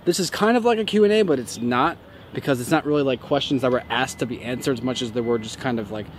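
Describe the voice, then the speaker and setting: A man's voice: medium pitch, quick pace. A man hosting his own channel, chatting loosely and rambling through viewer comments while standing outdoors near a street. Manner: loose and rambling, many fillers. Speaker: YouTube host. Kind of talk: casual talk to camera answering comments. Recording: faint street noise outdoors. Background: faint traffic.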